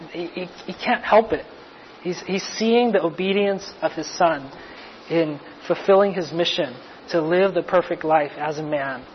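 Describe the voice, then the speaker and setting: A man's voice: sits high, slight background noise. A man preaching a sermon as pastor, explaining a passage in a conversational way with restarts and light asides. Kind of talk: sermon teaching. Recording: muffled lo-fi recording.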